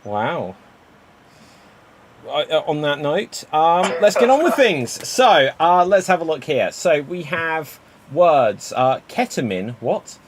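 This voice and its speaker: A man's voice: a little high, very animated, slow, slight background noise. A man hosting a live-streamed improv comedy show, playful and jokey, talking into a webcam mic on a video call. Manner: upbeat, playful, jokey banter.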